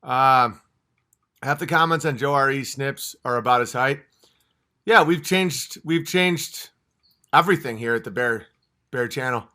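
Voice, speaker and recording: A man's voice: medium pitch, unhurried, pauses often, bright, forceful tone. A man from upstate New York hosting a livestream, ranting in a fired-up, profane and blunt way. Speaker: livestream host. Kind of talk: casual livestream rant.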